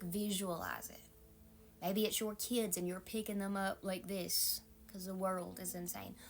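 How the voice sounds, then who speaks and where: A woman pastor with a Southern accent, giving a calm, maternal devotional sermon and often dropping into a soft whisper. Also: medium pitch.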